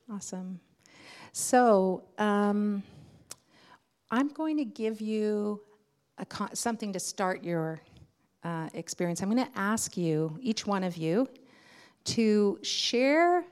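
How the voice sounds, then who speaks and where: A woman's voice: mid-range voice, darkish tone. A woman facilitating a workshop, giving friendly, encouraging instructions to participants.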